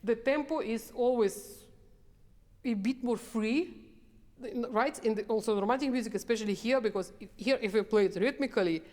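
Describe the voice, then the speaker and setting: A woman's voice: on the high side, a little mellow. Woman coaching piano. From Sweden. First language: Swedish. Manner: halting, restarting, sings phrases on syllables. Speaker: piano professor. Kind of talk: masterclass coaching. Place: large hall with a piano. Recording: reverberant hall with piano playing.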